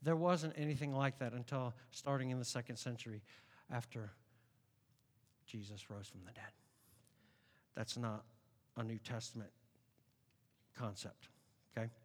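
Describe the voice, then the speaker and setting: A man preaching a sermon, emphatic and challenging the congregation, swinging from loud declarations to quiet asides. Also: mid-range voice, fairly even intonation, measured pace, pauses often, in a large hall. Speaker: pastor.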